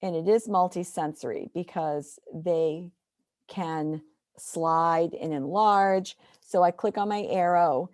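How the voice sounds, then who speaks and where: A woman's voice: fairly low pitch, slow pace, a little mellow, no echo, clean studio sound. A woman teacher walking through a screen-share tutorial step by step, explaining patiently.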